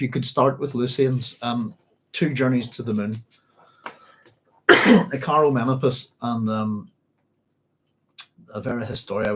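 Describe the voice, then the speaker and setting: A man's voice: medium pitch, husky, low-quality recording. A man hosting a live book club chat, rambling with many ums and restarts, with hiccups and a sore throat. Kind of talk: casual live-stream chat.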